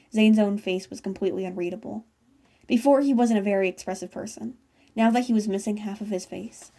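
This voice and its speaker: A woman's voice: medium pitch, creaky, mellow. A woman reading fan fiction aloud in a casual way, stumbling and correcting herself as she goes. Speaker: fanfiction reader.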